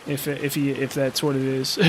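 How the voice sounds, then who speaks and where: A man's voice: medium pitch, little pitch movement, moderate pace, a little hiss or hum. A man giving casual gameplay commentary, rambling and thinking aloud with self-deprecating asides.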